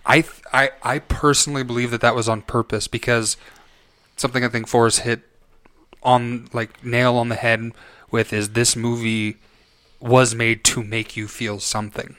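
A man talking through his opinion of a film in a loose podcast chat, circling back and restarting his sentences as he goes. His voice sits at an ordinary middle pitch, and the recording is close and dry, with no room sound. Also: level tone, moderate pace, fairly bright tone, clean tone, no room sound. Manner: rambling, frequent restarts and self-corrections. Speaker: podcast co-host. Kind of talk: casual film review chat.

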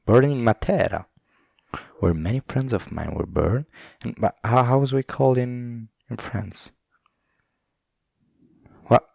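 A man's voice: fairly low pitch, gravelly, no room sound, clean studio sound. A young man speaking English, hosting a casual, rambling solo podcast chat, swearing and laughing as he wanders between topics. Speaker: podcast host.

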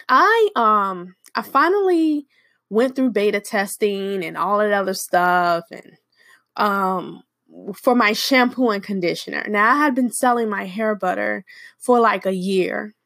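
A woman who runs a hair care business, telling a personal story in an animated, expressive way. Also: medium pitch, no echo, studio quality.

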